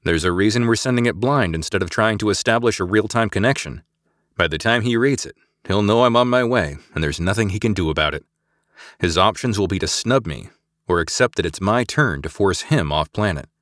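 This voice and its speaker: A calm, decisive woman leader, read by a male narrator in his own low voice. The lines move in a lively melody, sounding close and dry. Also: a little fast, no echo. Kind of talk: scripted audiobook acting.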